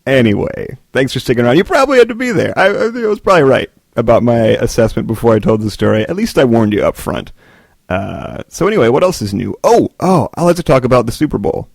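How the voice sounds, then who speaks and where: A man hosting his own podcast meanders through stories in a rambling solo monologue, cracking self-deprecating jokes. His fairly low, gravelly voice is recorded in studio quality with no room sound.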